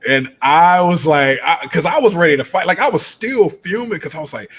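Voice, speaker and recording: A man hosting a live stream as a football coach, telling stories in an animated, rambling way and laughing often. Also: on the high side, normal speed, few pauses, husky. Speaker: football coach and show host. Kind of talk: casual live-stream talk.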